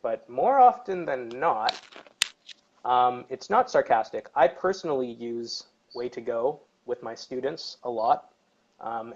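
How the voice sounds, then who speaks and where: A man's voice: medium pitch, a little mellow, lo-fi sound. A man co-hosting a live English Q&A, reading out viewer questions and answering them. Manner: reads viewer questions aloud, then answers at length. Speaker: English teacher, co-host. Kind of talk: live-streamed Q&A chat.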